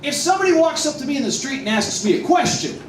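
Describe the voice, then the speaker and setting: A man doing a stand-up comedy set in a restaurant, with self-deprecating, animated delivery. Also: extremely high pitch, fast. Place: restaurant, indoors. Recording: echoey room, distant mic, noisy.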